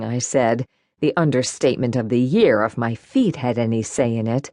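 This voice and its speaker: A woman narrating a first-person cozy mystery audiobook in an expressive, warm storytelling manner. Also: a bass voice, normal speed, no room sound, clean studio sound.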